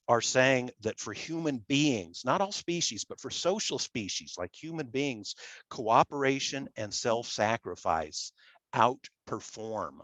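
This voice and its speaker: A man's voice: medium pitch, a bit bright, no room sound. Nasal Midwestern man lecturing. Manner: halting, repeats words, self-deprecating. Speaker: public relations scholar. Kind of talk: academic lecture with slides.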